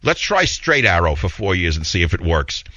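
A man's voice: low-pitched, sing-song, normal speed, bright, forceful tone, no echo, muffled recording. A man with a heavy New York accent hosting a talk radio show, opinionated and rambling in a blunt monologue.

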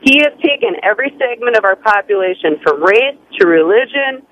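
A woman from Wisconsin calling into a radio talk show, blunt and emphatic, quick to laugh. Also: mid-range voice, expressive, fairly bright tone. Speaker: caller. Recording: muffled phone line.

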